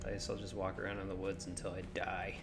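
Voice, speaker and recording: A man's voice: low voice, monotone, fast talker, creaky, music in the background. A man streaming a game, chatting casually and joking as he thinks aloud, his voice a little sore. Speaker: gaming streamer. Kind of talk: casual let's-play commentary.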